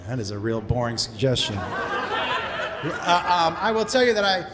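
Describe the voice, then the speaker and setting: A man's voice: on the high side, sing-song, a little slow, heavy background noise. A man from Massachusetts doing stand-up crowd work, rambling through loose, profane stories on a comedy club stage into a handheld mic. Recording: live club recording with long reverb and crowd ambience.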